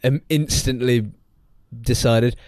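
A man's voice: mid-range voice, takes it slowly, dry recording, studio quality. A young man, co-hosting a podcast in casual chat and rambling through stories with lots of restarts. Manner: rambling, restarts often, animated storytelling. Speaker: podcast co-host.

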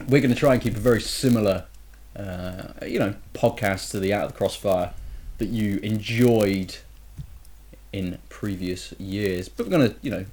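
A man's voice: on the low side, unhurried, darkish tone. A man hosting a casual gaming podcast, chatty and teasing, often ending points with tag questions. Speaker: podcast host.

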